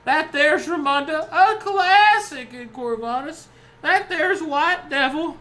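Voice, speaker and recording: Put-on chatty bard man, high voice, bright and sharp, excitable, tabletop game. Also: slow pace, heavily acted. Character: cheery male bard in a beast costume. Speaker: street bard and drug peddler.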